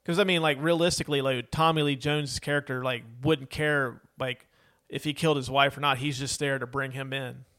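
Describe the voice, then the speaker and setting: A man's voice: medium pitch, fairly even intonation, a little fast, a bit bright. A man co-hosting a casual movie podcast, rambling with many fillers and laughs. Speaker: podcast co-host. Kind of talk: casual movie review chat.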